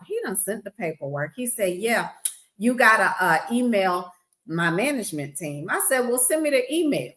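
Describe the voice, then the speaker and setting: A woman's voice: on the high side, big pitch swings, normal speed, fairly bright tone, rough recording. A woman casually recounting a story on a podcast, blunt and sassy, acting out both sides of a conversation.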